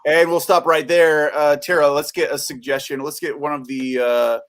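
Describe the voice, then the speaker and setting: Upbeat improv referee on a video call. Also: male voice, fairly high pitch, level tone, moderate pace. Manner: upbeat, hesitant with many fillers. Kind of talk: live improv game hosting.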